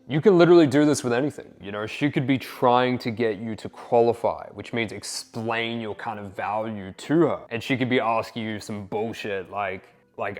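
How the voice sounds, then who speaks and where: A man's voice: lowish voice, a little fast, hardly any pauses. Slangy, laid-back young male dating coach. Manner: relaxed, slangy, sprinkled with "like" and "you know". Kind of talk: casual instructional monologue.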